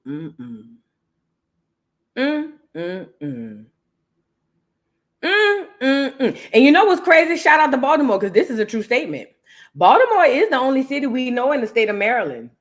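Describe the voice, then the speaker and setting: A woman's voice: a little high, animated, a little fast. A woman hosting a casual gossip show, chatty and teasing as she rambles on. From Southern United States. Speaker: host.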